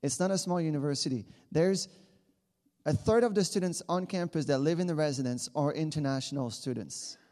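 A man's voice: on the high side, a little fast, warm tone, in a large hall. A man in his thirties from Quebec with a Quebec French accent, a native French speaker giving an earnest church talk as a campus missionary. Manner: earnest, with many restarts.

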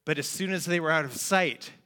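A man's voice: on the high side, bright, forceful tone, smooth. A man preaching a sermon, telling a personal story in an earnest, heartfelt way. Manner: earnest, heartfelt, slow and deliberate.

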